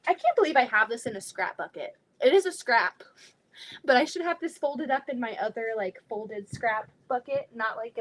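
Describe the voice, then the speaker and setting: A young woman with a fairly high, light voice hosts a live sewing stream. She chats casually as she works, reads her viewers' comments aloud and laughs often. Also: fairly bright tone, a little hiss or hum.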